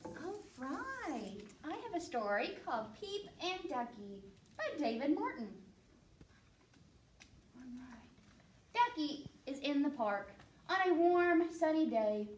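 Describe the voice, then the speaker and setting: A woman librarian reading a children's picture book aloud in a playful, animated way, with sound effects. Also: sits high, slow, pauses often, slight background noise. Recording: echoey room, mic at a distance.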